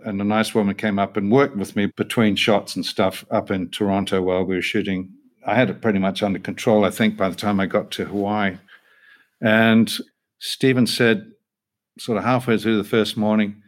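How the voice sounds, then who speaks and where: A man's voice: lowish voice, moderate pace. A man, an actor being interviewed, telling stories in a self-deprecating, hesitant way with frequent laughs. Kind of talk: relaxed interview storytelling.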